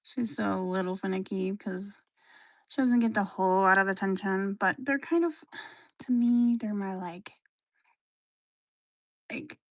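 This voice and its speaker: Slow, soft-spoken woman livestreaming. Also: mid-range voice, dry recording, clean studio sound. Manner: soft-spoken, sighing, drifting into whispers. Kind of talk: casual chat showing her pets.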